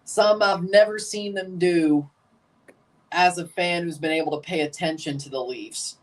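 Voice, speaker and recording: Young male streamer, slightly hoarse, casual play-by-play over a live match. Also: high voice, a little slow. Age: 20s. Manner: chatty, running play-by-play asides. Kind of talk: livestream watchalong commentary.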